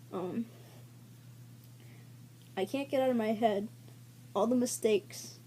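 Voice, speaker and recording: Brief: woman vlogger, casual and candid, swears freely, soft dark tone. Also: mid-range voice, slight background noise. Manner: rambling and candid, with frequent fillers and swearing. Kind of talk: casual story-time vlog.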